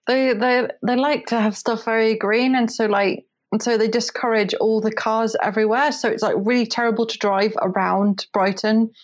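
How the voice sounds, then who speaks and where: Friendly hesitant woman guest. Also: mid-range voice. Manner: hesitant, friendly, repeats words. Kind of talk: casual chat.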